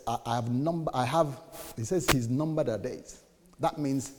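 A man preaching a sermon as a pastor, animated, jumping to sudden high bursts and then dropping low and quiet. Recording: long reverb of a hall.

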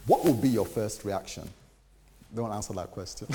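A man preaching a sermon as a pastor, animated, jumping to sudden high bursts and then dropping low and quiet. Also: moderate pace. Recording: long reverb of a hall.

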